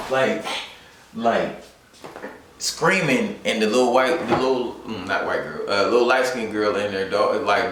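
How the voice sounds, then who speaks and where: Deep-voiced young man, far off in an echoey room. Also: a little hiss or hum. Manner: rambling, animated, heavy on fillers. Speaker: sports fan vlogger. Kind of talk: casual storytime and game recap.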